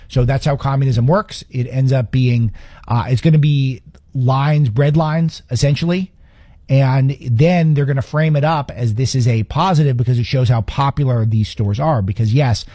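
Husky sarcastic male commentary host. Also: mid-range voice, mellow, no echo, studio quality. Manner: sarcastic, scoffing, rapid asides. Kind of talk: opinionated commentary monologue.

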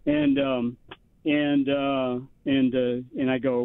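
A man's voice: medium pitch, little pitch movement, takes it slowly, clean tone, no echo. A man on a radio call-in show, telling a long story in a rambling way, full of fillers and restarts. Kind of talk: casual storytelling. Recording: tinny phone line, dry.

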